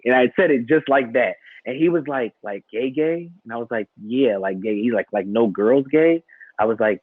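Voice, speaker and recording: A man co-hosting a casual panel talk, telling a personal story in an animated way and acting out the dialogue. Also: medium pitch, no echo. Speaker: podcast co-host. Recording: dry, thin phone-like sound.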